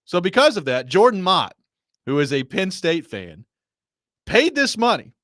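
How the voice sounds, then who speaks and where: A man hosting a sports talk show, telling a story in a casual, animated way with laughing asides. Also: high voice, a little slow, dry recording, studio quality. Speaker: sports radio host.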